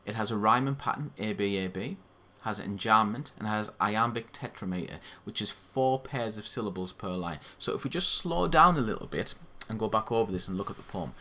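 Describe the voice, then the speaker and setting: A man's voice: lowish voice, fairly quick. Man teaching a poem over tinny audio. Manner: steady, methodical teaching with spoken asides. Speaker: English literature tutor. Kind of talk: explaining a poem to students.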